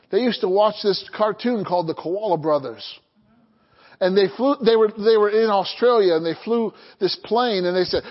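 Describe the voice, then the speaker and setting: Pastor guy with a really high voice preaching, keeps asking the crowd to answer back, kinda dull muffled recording. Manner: call-and-response preaching, asks the congregation to answer. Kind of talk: sermon.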